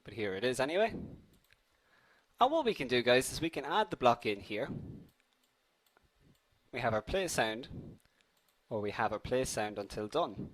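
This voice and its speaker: Lively man teaching a live class, slightly congested. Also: medium pitch, moderate pace, pauses often. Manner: upbeat and chatty, addresses viewers as guys. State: has a slight cold. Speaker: coding instructor hosting a live class. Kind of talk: live online tutorial with viewer poll and questions.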